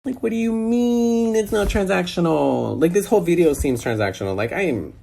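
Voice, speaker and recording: A man's voice: high-pitched, lively intonation, fairly quick, vocal fry, warm tone. A man chatting casually over a phone call, reacting to a video in an incredulous, sassy way.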